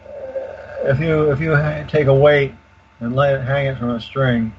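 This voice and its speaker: An older man explaining in detail as a radio guest, halting with many fillers and restarts. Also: medium pitch, steady tone. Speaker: guest expert. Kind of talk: casual explanation on a call-in radio show. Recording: dull lo-fi call audio with faint hiss.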